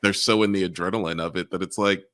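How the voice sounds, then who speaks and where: A man's voice: sits low, steady tone, quick pace, a bit bright. A man hosting a casual interview podcast, laughing along and restarting his questions as he asks them. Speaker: podcast host.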